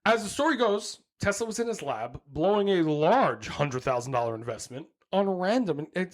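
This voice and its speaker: High-pitched young dude hosting a casual podcast, keeps riffing on his notes and cracking himself up. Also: animated, fairly quick, hardly any pauses. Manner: jokey, laughs often, reads notes then riffs. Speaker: podcast host. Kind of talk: casual comedic podcast chat.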